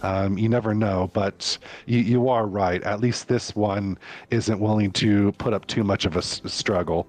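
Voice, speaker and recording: A man's voice: on the low side, steady tone, a little slow, darkish tone, dry recording. A man voicing a cautious, level-headed woman rogue in a tabletop game, speaking hesitantly with many restarts. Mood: careful. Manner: hesitant, full of restarts and ums.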